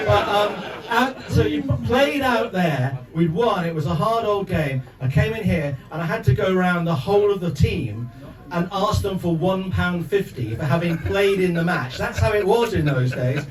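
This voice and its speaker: A man's voice: sits high, expressive, moderate pace. A man in his sixties giving a speech at a sports club, telling jokey anecdotes full of asides before presenting an award. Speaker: guest speaker presenting an award. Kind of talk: after-dinner speech. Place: clubhouse function room with an audience. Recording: echoey room, mic at a distance, crowd noise.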